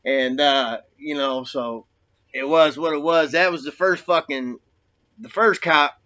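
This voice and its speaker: Ex-con storyteller, male, profane and rambling, streetwise slang, punchy tone, muffled low-fi audio. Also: unhurried, pushed and bright. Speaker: former prisoner telling his story. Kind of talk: casual storytelling monologue.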